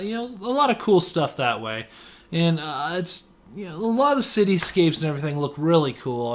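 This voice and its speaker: A man's voice: fairly high pitch, a bit bright. A man giving a casual movie review, rambling with many fillers and restarts.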